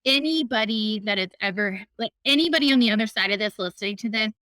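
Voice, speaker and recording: Woman host, casual empathetic chat, higher pitch, crisp bright tone. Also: expressive, quick pace, no echo. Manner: empathetic, chatty, laughs easily. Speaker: podcast host.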